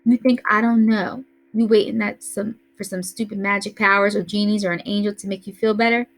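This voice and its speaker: A woman's voice: mid-range voice, steady tone, fairly quick, close to an everyday voice, poor audio. A woman reading aloud voices a tough, bossy teenage older brother who scolds in a streetwise way. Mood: lecturing.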